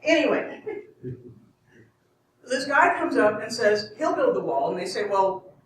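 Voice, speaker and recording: A woman's voice: a little high, very animated, unhurried. A woman spinning a comic myth for a live crowd, rambling and correcting herself with wry asides. She is heard from a distance in a strongly echoing room with faint noise. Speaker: storyteller. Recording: echoey room from far off.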